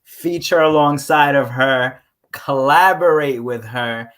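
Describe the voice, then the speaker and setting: A man's voice: medium pitch, slow, a bit bright. A man with a New York accent co-hosting a virtual poetry open mic, talking in an effusive, hyped way with casual swearing. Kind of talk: casual live-stream hosting.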